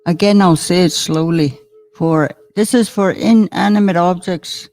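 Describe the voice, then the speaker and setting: A woman teaching words in a slow, patient language lesson. She chats between words, chuckles often and sounds out each new word carefully. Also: lowish voice, darkish tone, soft background music.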